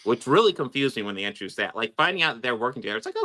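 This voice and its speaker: Man, podcast host, casual chat, rambling, very bright tone. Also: mid-range voice, sing-song, rapid-fire. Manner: rambling, swears, laughs often.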